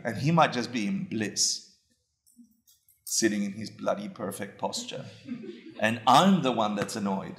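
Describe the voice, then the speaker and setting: Gravelly-voiced man giving a dharma talk. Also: on the low side, lively intonation, a little slow, pauses often, fairly bright tone. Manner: conversational and self-mocking, asks the audience questions. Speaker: dharma teacher. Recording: echoey room.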